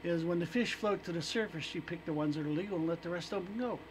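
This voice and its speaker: An American man co-hosting a live internet radio show, trading dry deadpan jokes. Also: a little high, fast, slight background noise, rough recording. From USA.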